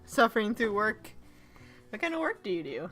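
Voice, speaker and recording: Woman game streamer, bright lively pitch, swoops up and down, playful, chatty, laughs a lot, at home. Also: a little fast, soft background music. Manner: playful, chatty, laughs often, talks to her dog and chat. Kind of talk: live gameplay commentary. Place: at home with her dog.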